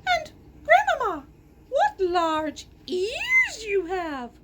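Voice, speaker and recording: A woman voicing a sweet, trusting little girl who talks slowly and with wide-eyed wonder. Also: very high voice, wildly swooping pitch, heavy background noise, full character voice.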